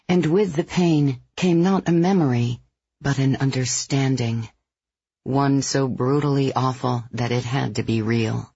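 A narrator reading a tense third-person thriller passage with slow, tense storytelling. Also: medium pitch, darkish tone, breathy edge, dry recording, highs cut off. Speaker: audiobook narrator.

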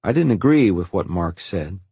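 A man with a very low, husky voice reads a first-person story in a calm, reflective way. The recording is dry and close, with no room around it. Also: moderate pace, no room sound. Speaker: narrator. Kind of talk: first-person audiobook narration.

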